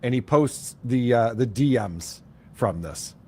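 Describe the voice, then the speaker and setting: Commentary host: a mid-pitched male voice, wry and exasperated, recapping drama with hesitant pauses. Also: animated, darkish tone, husky.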